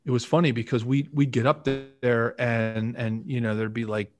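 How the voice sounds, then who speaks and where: A man's voice: mid-range voice, little pitch movement, normal speed. Chatty middle-aged man telling old stories. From Philadelphia area, USA. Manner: chatty, rambling, many "you know" fillers. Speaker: guest, former pro football player. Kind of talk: casual storytelling interview.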